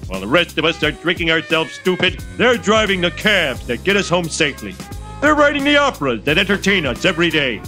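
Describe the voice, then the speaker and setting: A man voicing Homer, a bumbling middle-aged cartoon father, giving a lively little speech. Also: on the high side, a little fast, soft background music. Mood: rousing.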